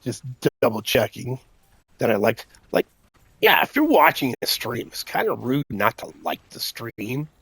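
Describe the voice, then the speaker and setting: A man's voice: mid-range voice, very animated, measured pace, vocal fry, a bit bright, breathy edge, no room sound. An older man swearing and rambling as he comments on his own game stream. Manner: profane, rambling, laughs often. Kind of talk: casual gaming commentary.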